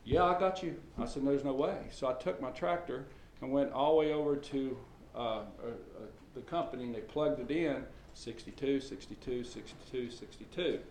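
A middle-aged man preaching in a loose, folksy way, rambling through stories with plenty of ums and restarts. His mid-pitched voice rings in an echoey church hall. A faint hum of ambience sits behind him. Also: normal speed, hardly any pauses, darkish tone. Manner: folksy storytelling with many fillers and restarts. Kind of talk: sermon.

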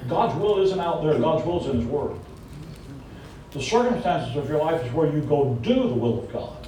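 A man's voice: big pitch swings, moderate pace, dark tone. A man with a Southern US accent preaching a conversational sermon, folksy and emphatic, with joking asides. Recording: echoey hall from far off with faint rumble.

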